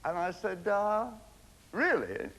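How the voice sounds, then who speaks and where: A man's voice: sits high, wildly swooping pitch, a bit bright. A man delivering a stand-up comedy monologue as the show's host, punching out one-liners. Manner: brisk joke-telling with punchlines. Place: TV studio stage before an audience. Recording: 1980s TV studio with a laughing audience, noisy.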